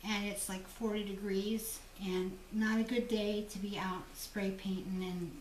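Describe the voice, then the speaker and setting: A woman's voice: mid-range voice, flat delivery, unhurried, darkish tone, slight background noise. Chatty woman host, echoey room. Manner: chatty, storytelling, laughs easily. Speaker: jewelry designer and channel host. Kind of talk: casual chat to viewers. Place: room in a home shop. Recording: echoey room, mic at a distance.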